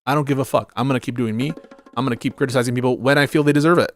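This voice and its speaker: A man's voice: mid-range voice, steady tone, rapid-fire, faint music behind. A man streaming political commentary, blunt and profane, rambling as he searches through viewer comments. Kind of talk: livestream commentary reading chat.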